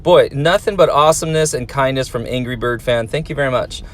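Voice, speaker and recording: A man's voice: medium pitch, quick pace, a little hiss or hum. A man who teaches, reading viewer comments aloud and answering them in a friendly, encouraging way for young fans. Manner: friendly, encouraging, talks to kids.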